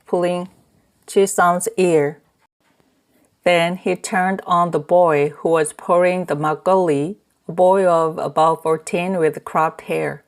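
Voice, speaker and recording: Slow, low-voiced woman narrator. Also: fairly even intonation. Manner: slow, measured reading. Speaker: audiobook narrator. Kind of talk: scripted narration.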